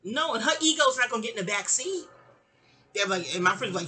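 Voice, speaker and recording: A woman, telling a personal story in an animated, digressive, sassy way. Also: fairly high pitch, fairly quick. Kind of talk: casual storytime monologue.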